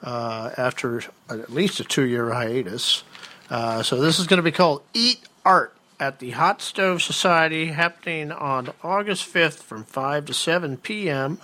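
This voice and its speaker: Bright-voiced joking male co-host. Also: a little high, a little slow. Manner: joking, playful asides. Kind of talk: casual chat reading event listings.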